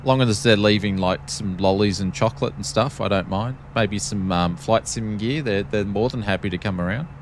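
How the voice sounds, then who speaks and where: Give me a low-pitched Australian man casually joking his way through a flight sim stream. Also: normal speed, hardly any pauses, a little hiss or hum. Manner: joking, rambling, self-deprecating. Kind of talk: casual live-stream chat.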